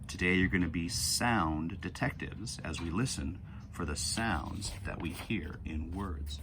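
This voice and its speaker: Patient low-voiced man teaching phonics. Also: noisy background. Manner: patient, sounds words out slowly. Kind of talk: recorded phonics lesson for children.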